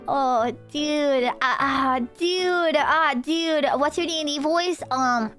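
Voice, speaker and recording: A woman streamer chatting casually with her viewers, rambling and excitable, laughing often and saying "dude" a lot. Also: extremely high pitch, unhurried, few pauses. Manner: laughs often, trails off into restarts. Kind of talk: casual livestream chat with viewers. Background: faint background music.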